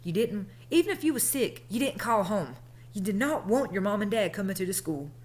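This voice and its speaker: A woman's voice: medium pitch, very animated, brisk. A woman in her thirties telling a personal story in a chatty, colloquial way. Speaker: vlogger. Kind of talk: casual storytelling.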